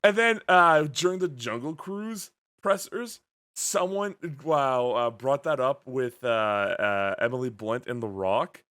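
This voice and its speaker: A young man hosting a podcast, telling stories in an animated way and swearing freely. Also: mid-range voice, slow pace, smooth. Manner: animated storytelling with swearing and laughs. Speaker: podcast host. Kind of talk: casual podcast chat.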